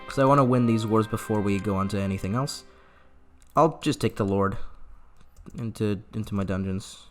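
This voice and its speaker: A man giving playful, sarcastic let's-play commentary on a strategy game, slipping into drawn-out mock grief and quick asides to his viewers. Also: fairly low pitch, faint music behind. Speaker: gaming channel host.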